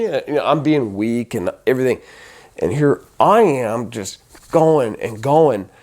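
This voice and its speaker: A man recounting a personal ordeal in a slow, deliberate delivery, his pitch swinging widely as the intensity builds. He is blunt and profane, often restarting and repeating phrases for emphasis. It sounds like raw, unscripted testimony rather than a polished talk. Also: expressive, a little mellow. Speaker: recovery advocate telling his story.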